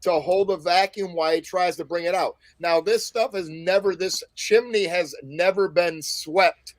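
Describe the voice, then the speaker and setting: A man's voice: sits high, moderate pace, no room sound. Man telling a rambling story. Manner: rambling storyteller, swears freely. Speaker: podcast co-host. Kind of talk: casual chat.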